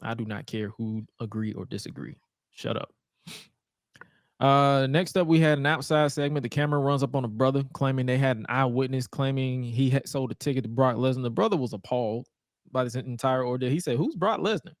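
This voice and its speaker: A man's voice: mid-range voice, steady tone, a little fast, dry recording, studio quality. A man co-hosting a podcast, recapping old wrestling shows in a laid-back, joking, profane way. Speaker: podcast co-host. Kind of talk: casual wrestling recap chat.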